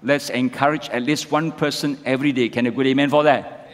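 A man's voice: medium pitch, steady tone, fairly quick. A male pastor preaching a sermon, asking the congregation rhetorical questions and tagging lines with "isn't it?". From Malaysia. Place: church sanctuary. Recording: long church hall reverb.

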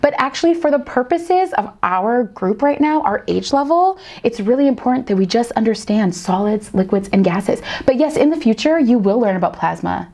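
A woman teacher reacts to clips in easy, casual commentary. She is animated and theatrical, throwing in quick asides. Her voice sits a little high.

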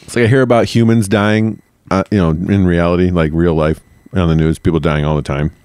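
Man, very low voice, dry close sound, rambling, profane, joking podcast co-host. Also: fairly even intonation, brisk, darkish tone, clean tone, dry recording. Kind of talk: casual comedic chat.

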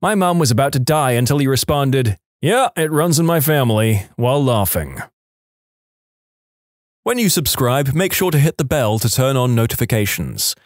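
A man narrating online stories for a podcast with an expressive storytelling delivery, recorded close on a studio mic. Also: mid-range voice, normal speed, no echo. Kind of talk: reading online stories aloud.

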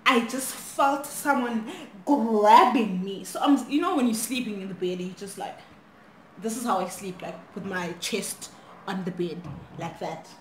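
Animated woman storyteller. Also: medium pitch, measured pace. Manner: animated, switching languages mid-sentence. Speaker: vlogger. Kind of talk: storytime vlog. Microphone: phone camera. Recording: echoey room, faint noise.

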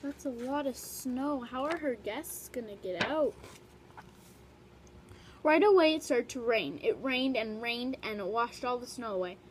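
A woman reading a children's picture book aloud in a lively storytelling way, with short remarks about the pictures between passages. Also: fairly high pitch, a little slow, slight background noise. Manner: animated read-aloud, brief asides about the pictures. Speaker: storybook reader.

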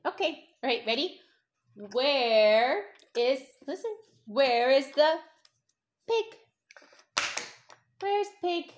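A young woman teaching a toddler phonics at home, sounding out letters slowly in a sing-song, encouraging way. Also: high voice, animated, a little hiss or hum. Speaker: parent teaching a child to read.

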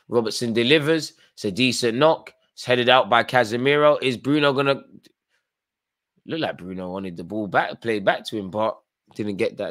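A man's voice: medium pitch, a bit bright. A tired man hosting a live football watchalong, chatting through play-by-play with fan reactions. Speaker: watchalong host.

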